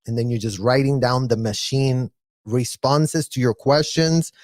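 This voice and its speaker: A man giving casual, blunt reaction commentary, animated and mocking, with mild profanity. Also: mid-range voice, moderate pace, no room sound, clean studio sound. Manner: animated, mocking, mimics others in exaggerated voices. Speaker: live reaction streamer.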